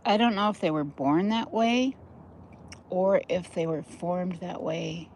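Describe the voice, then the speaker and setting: An older woman rambles through a walk-and-talk vlog by a river in cold weather, chatting directly to viewers on a handheld phone. Her voice is fairly low, measured, and a little mellow, with slight background noise.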